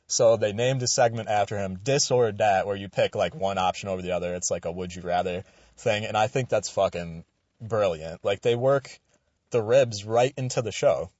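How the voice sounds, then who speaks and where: A young man with a fairly low voice rambles through a casual sports commentary, swearing freely and getting animated. He is recorded close and dry, and the sound is a little dull. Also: no echo. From Western New York. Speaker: radio show commentator.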